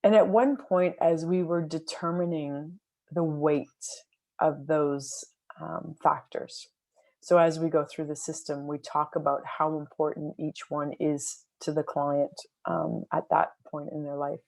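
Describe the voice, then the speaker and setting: A woman's voice: low voice, level tone, measured pace, darkish tone. A woman coach and podcast host telling a client story in an earnest, reflective way, with many fillers and restarts.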